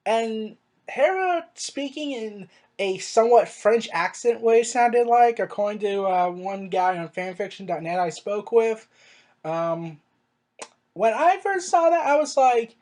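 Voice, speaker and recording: Casual reviewer, rambling monologue, exasperated rhetorical questions, jumpy pitch on emphasis. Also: expressive, unhurried, darkish tone. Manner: rambling with filler words and restarts; pitch swings up sharply on emphasis. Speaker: show reviewer.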